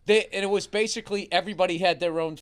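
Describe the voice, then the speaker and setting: A comedian in casual podcast chat, telling animated stories and swearing often. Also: male voice, high-pitched, rapid-fire, smooth.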